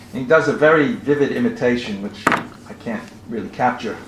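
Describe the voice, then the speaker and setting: A man lectures at an academic conference in a measured, steady way, reading quotations aloud. His voice sits in a roomy hall, with a faint ambience behind it. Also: medium pitch, slight background noise. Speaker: conference speaker.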